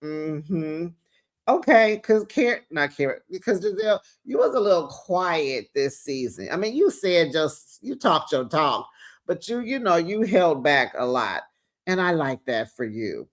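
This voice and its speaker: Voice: mid-range voice, sing-song, measured pace. A sassy host doing a casual gossipy recap of a reality show, calling viewers besties and child.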